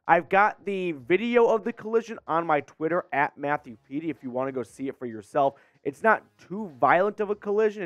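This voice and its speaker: A man's voice: high-pitched, no room sound. Congested man hosting sports news. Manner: conversational, explains with asides and questions. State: congested from a cold. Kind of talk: casual sports news commentary.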